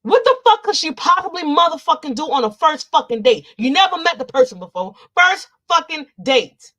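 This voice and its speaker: A woman's voice: high voice, sing-song, normal speed. A woman in casual commentary, ranting and cursing in an exasperated way, with speech. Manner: profane, loud, exasperated ranting. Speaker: commentary vlogger.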